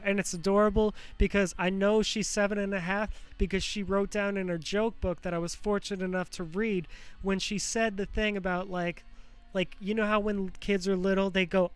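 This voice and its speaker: A man's voice: sits high, clean tone, no echo. A man hosting his show in a rambling personal monologue, raw and close to tears, swearing often and restarting his sentences. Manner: rambling, profane, frequent fillers and restarts. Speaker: show host.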